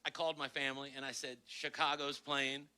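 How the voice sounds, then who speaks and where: Bright, animated storytelling man. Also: medium pitch, a little fast, smooth, no room sound, low-quality recording. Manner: animated, swears freely, bursts into loud laughter. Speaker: comedian and co-host of an online concert series. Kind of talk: casual storytelling chat.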